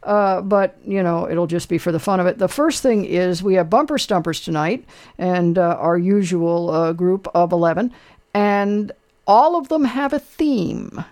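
A man with a high, slightly mellow voice hosts a call-in trivia show on the radio. His live chat is casual and loose, packed with fillers and restarts.

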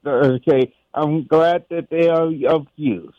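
Male radio caller, slow and halting, rambling delivery, dry sound. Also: fairly high pitch, dry recording, highs cut off. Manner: rambling, halting, with many restarts. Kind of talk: phone-in chat.

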